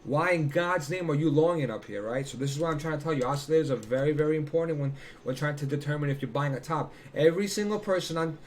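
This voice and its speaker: A fairly high-voiced man walks through trading charts in a loose, conversational way, cursing freely and breaking into exasperated rants. Faint music plays underneath. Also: a little mellow. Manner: blunt, swearing, ranting. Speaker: crypto trading analyst. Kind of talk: casual chart analysis with rants.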